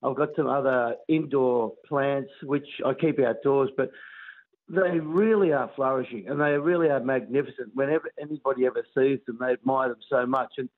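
A man's voice: mid-range voice, normal speed. A man calling a radio show to share a heartfelt story about his plants, rambling with fillers. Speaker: caller. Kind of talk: phone-in story. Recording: tinny phone line.

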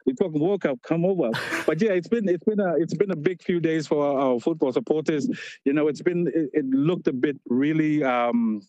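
Guy calling into a morning show, laughing a lot, kinda high voice, dry sound. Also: normal speed, dry recording, highs cut off. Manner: laughing, energetic storytelling with many restarts. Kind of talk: casual chat on a phone line. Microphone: call-in line.

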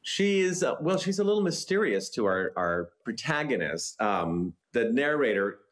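A man in his fifties from the United States, talking about his novel in a relaxed, chatty way with an easy laugh. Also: medium pitch, normal speed. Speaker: novelist guest. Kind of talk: interview conversation.

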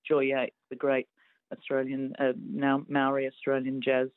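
A woman's voice: rumbling low, monotone, moderate pace, dry recording. A woman calling in to a radio show, rambling enthusiastically from one point to the next. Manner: rambling, enthusiastic name-dropping. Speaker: caller. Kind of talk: casual phone chat. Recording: tinny phone line.

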